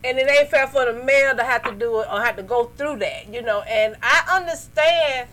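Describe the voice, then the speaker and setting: High-voiced woman hosting, bawdy and frank. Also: fairly quick, fairly bright tone. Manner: frank, bawdy, laughing banter. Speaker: radio show host. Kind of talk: casual call-in talk.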